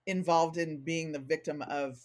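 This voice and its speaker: This podcast guest is a middle-aged organizational consultant with a deep voice, talking at normal speed. In a relaxed interview she speaks frankly and with energy, performing the things people say to her.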